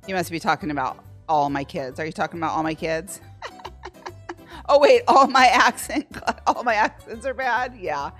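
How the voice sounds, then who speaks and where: A woman's voice: fairly low pitch, moderate pace, fairly bright tone. A woman hosting a casual live slot stream from home, playfully chatting and greeting viewers by name. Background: faint slot game music.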